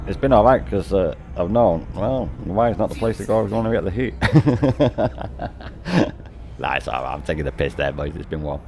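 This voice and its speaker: A middle-aged man from the United Kingdom with a British English accent chats casually on a game stream, swearing and laughing a lot. His voice is low, expressive, gravelly, and a little mellow at a moderate pace, with a little hiss or hum in the audio.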